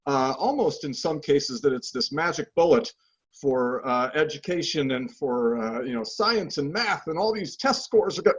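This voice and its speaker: Husky guy interviewer, voice jumps around a lot, lots of uhs, dull lo-fi audio. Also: fairly high pitch, lively intonation. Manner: halting, lots of fillers. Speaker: interviewer, scholastic chess coach. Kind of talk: casual interview questions. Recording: dull lo-fi sound.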